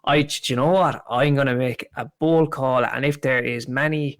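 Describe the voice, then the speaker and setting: A rambling man in casual podcast talk, with a middle-pitched voice. He often restarts his sentences and swears offhandedly. The sound is dry and close. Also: steady tone, moderate pace, no echo. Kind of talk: casual chat.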